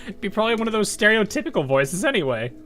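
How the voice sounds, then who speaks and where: American streamer, lively swooping delivery, rambling chat, faint music behind. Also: male voice, high voice, fast talker. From United States. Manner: rambling, laughs often, trails off into asides. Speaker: game streamer. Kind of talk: casual game commentary.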